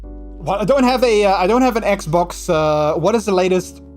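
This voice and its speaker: A man's voice: high-pitched, animated, moderate pace, darkish tone, soft background music. A man from the Netherlands with a Dutch accent, chatting casually with viewers on a livestream. He rambles with lots of fillers and restarts. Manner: slips into mocking put-on voices when quoting.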